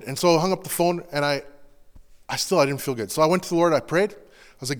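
A pastor giving an earnest, confessional sermon in a loose, conversational way, full of casual fillers. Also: male voice, a little high, animated, quick pace, big-room sound.

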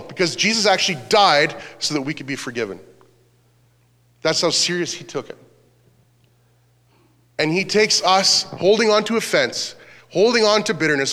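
Male pastor, earnest preacher, a touch high-pitched, echoing church hall. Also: fairly bright tone. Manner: earnest preaching, reading scripture aloud. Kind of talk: sermon.

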